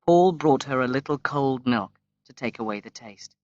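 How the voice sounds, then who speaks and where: A man reading a graded-reader story aloud as audiobook narration, slow and measured with long pauses. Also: mid-range voice, animated, darkish tone, no echo. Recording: dry, slightly dull lo-fi recording.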